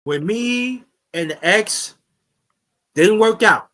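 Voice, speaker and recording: High-voiced rambling man telling a story. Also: animated, slow, fairly bright tone. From New York. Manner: rambling, repeats himself, restarts often. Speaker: YouTube channel host. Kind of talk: casual storytelling on a live chat.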